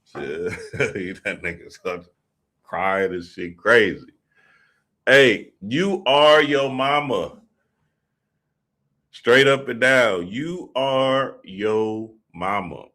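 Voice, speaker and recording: A man's voice: fairly low pitch, extremely slow, long pauses, pushed and bright. Profane, slangy man telling stories. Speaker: podcast host. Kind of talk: casual monologue commentary.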